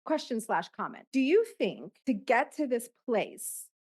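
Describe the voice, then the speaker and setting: A woman's voice: on the high side, big pitch swings, unhurried, slightly rough. A woman hosting a podcast who asks thoughtful, reflective questions in casual conversation. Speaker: podcast host. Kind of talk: casual interview chat.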